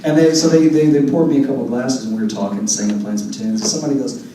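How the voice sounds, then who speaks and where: A man's voice: mid-range voice, steady tone, rapid-fire, dark tone, slight background noise. A man from Texas, chatting with a concert audience between songs and telling jokey stories. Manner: folksy, joking storyteller who leads audience singalongs. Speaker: singer-songwriter performing a concert. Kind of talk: stage banter between songs. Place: concert venue with a live audience. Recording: echoey room picked up from a distance, guitar playing.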